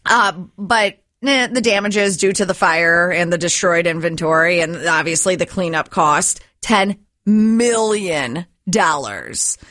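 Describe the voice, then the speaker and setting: A woman's voice: fairly low pitch, measured pace, few pauses, a bit bright, no echo. A woman co-hosting a radio show, reading sports and odd news in casual banter.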